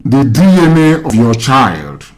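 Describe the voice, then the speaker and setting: A man's voice: medium pitch, big pitch swings, unhurried, darkish tone, poor audio. A man from Nigeria hosting a call-in show, lecturing at length and firing rhetorical questions at the caller. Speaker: radio host. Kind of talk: casual call-in chat.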